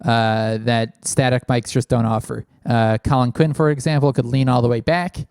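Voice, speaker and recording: A man's voice: medium pitch, fairly even intonation, normal speed, darkish tone, smooth, no room sound. A man hosting a casual call-in show, talking loosely with lots of fillers, close on a large studio microphone in a small studio. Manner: rambling, many fillers. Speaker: podcast host. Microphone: large studio mic, spoken into closely.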